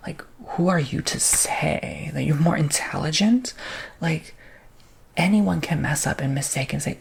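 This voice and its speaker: A man telling a story in soft-spoken ASMR style, drifting into whispers and chatting casually with many asides. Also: fairly high pitch, unhurried, gravelly, slightly rough. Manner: drifts between soft speech and unvoiced whisper.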